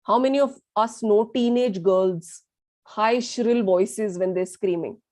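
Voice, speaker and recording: A woman's voice: mid-range voice, slow, darkish tone. A woman leading a communication workshop, emphatic and repetitive, asking the class questions and slipping into Hindi phrases. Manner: emphatic, repeats words, asks the class questions. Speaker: workshop trainer.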